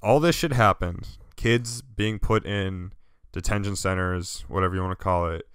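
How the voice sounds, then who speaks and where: Deep smooth-voiced young American man. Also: normal speed, no room sound. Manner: animated, swearing, explaining at length. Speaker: podcast co-host. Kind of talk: casual political chat. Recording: dry remote call audio.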